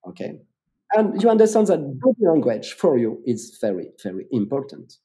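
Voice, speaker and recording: A man's voice: medium pitch, wildly swooping pitch, moderate pace, mellow. A man with a French accent, a public speaking coach explaining his methods in an interview, emphatic and repeating words for stress.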